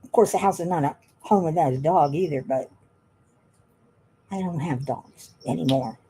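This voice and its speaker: A woman's voice: sits low, normal speed, mellow, a little hiss or hum. A woman chatting casually while she works on a craft at home, rambling and laughing often. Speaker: craft vlogger.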